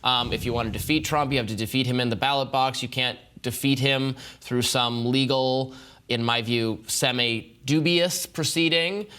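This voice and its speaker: A man giving measured, analytical political commentary, with frequent hesitations. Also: mid-range voice, steady tone, fairly bright tone, clean tone. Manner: deliberate, analytical, with many hesitations.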